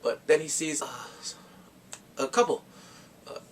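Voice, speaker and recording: A man's voice: fairly high pitch, unhurried, slight background noise. A man casually retelling a movie's plot for his review, chatty and rambling with lots of filler restarts. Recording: voice slightly distant from the mic.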